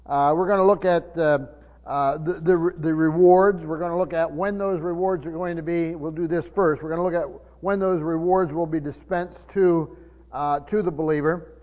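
A man preaching a sermon, teaching from the Bible in a halting way with many fillers and restarts, slowing down to stress key words. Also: a little high, steady tone. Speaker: pastor. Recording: muffled sermon recording in a reverberant hall.

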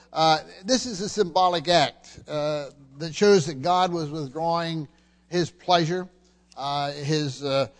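A man teaching a sermon in a somewhat high voice that carries a long reverb, as if from a church sanctuary. He moves through the scripture verse by verse and stops often on fillers and false starts. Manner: halting delivery with frequent fillers and restarts. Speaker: pastor. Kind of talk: expository Bible teaching sermon.

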